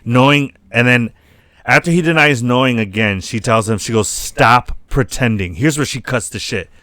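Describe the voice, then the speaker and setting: A man co-hosting a podcast, retelling a TV episode in a casual, animated way and acting out the characters' lines with plenty of swearing. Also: mid-range voice, moderate pace, no echo, studio quality. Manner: animated retelling, acts out quotes, swears a lot. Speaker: podcast co-host. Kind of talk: casual chat recapping a TV episode.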